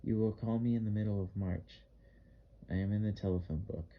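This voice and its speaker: A man's voice: fairly low pitch, steady tone, brisk, highs cut off, close to an everyday voice. A man reading a blunt, strong-voiced male artist with a vague Russian accent in an audiobook, giving insistent commands. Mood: commanding.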